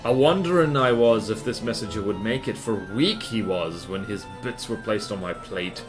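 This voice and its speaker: A man's voice: on the low side, lively intonation, normal speed, music in the background, lightly acted. A man putting on a riddling old crone with a Scottish accent. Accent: put-on Scottish. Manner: riddling, inverted word order. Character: ancient cackling hag crone, cryptic and possessive.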